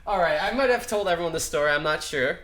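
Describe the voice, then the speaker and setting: A young man telling a school story on a casual podcast, animated and laughing as he acts out the people in it. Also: fairly high pitch, quick pace. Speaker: podcast co-host.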